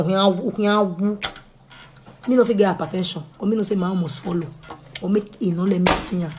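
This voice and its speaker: A young woman with a Nigerian Pidgin English accent, chatting straight to her viewers in a pleading, animated way that drops to a hush and rises loud. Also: mid-range voice. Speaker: vlogger. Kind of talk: casual direct-to-camera talk.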